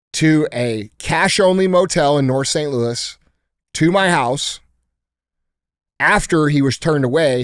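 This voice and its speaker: Blunt, profane podcast host. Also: male voice, mid-range voice. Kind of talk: casual podcast storytelling. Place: podcast studio.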